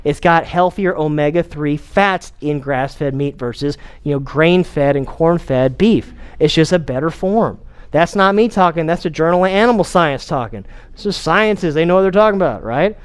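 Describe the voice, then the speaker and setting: A middle-aged man with a light Texan accent giving a relaxed, energetic seminar. His voice sits high and sounds smooth and clear. He talks loosely and often restarts or repeats himself. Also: normal speed. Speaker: chiropractor giving a health talk. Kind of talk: casual seminar talk to an audience.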